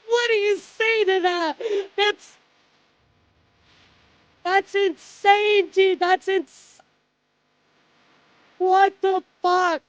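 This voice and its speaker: Woman streamer, very high voice, slow delivery, overwhelmed and profane with chat, slightly muffled audio. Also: steady tone, no room sound. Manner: overwhelmed, swearing, addressing chat as "dude" and "guys".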